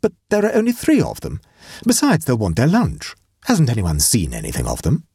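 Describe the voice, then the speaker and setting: A man's voice: medium pitch, wildly swooping pitch, moderate pace, dark tone, breathy edge, no echo, studio quality, voice pushed up, full character voice. A man voicing a fussy aristocratic lady hostess with a fretful, querulous manner.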